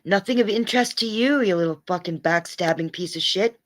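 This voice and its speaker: A woman's voice: medium pitch, a little fast. A woman livestreaming, ranting angrily at her chat and swearing in a confrontational way.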